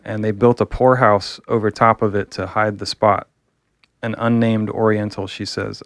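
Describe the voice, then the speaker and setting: A man's voice: fairly low pitch, no room sound, clean studio sound. A man reviewing a comic book, talking casually and enthusiastically, rambling with fillers.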